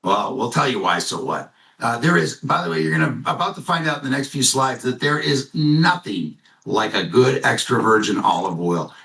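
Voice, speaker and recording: Man, presenter, lively casual pitch, jokey asides, echoey room, off-mic. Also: creaky, far from the mic. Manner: animated, jokey storyteller. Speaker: company presenter.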